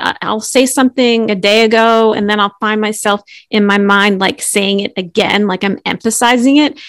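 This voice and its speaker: A middle-aged woman coach speaking on a podcast, explaining mindfulness gently and earnestly, with light laughs. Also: mid-range voice, no echo, clean studio sound. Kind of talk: conversational explanation.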